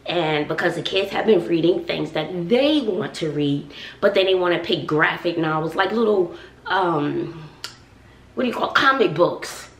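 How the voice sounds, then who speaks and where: A woman's voice: fairly low pitch, animated, moderate pace, recorded from a distance. A woman in her forties, a schoolteacher, chatting casually to viewers while cooking in her home kitchen, sassy and talkative. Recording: echoey room, voice off-mic.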